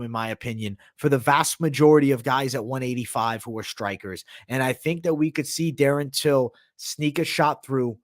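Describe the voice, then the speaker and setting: Dude doing a late night mma stream, slangy, cusses a lot, chews while talking. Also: male voice, on the high side. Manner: loose, slangy, swears, reads viewer comments aloud; talks while eating. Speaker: MMA analyst and livestream host. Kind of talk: casual livestream chat.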